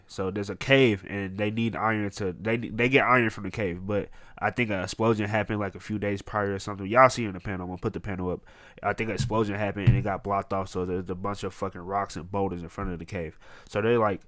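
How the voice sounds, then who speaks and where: A man recapping a manga chapter in casual, excitable, profane slang. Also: lowish voice, quick pace, dry recording. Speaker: manga reviewer.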